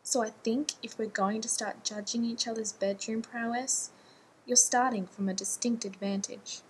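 An anxious, rambling man pleads with his partner in quick, self-deprecating bursts, as a woman narrator puts him on. His voice sits fairly high. A faint low rumble runs under the recording. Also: steady tone, natural voice, low-quality recording. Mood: frantic.

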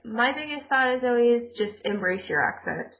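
A woman with a slightly high, expressive voice speaks at a moderate pace over slight background noise on a tinny, phone-like line. A former ESL teacher co-hosting a casual podcast chat, she explains points in a teacherly, rambling way full of fillers.

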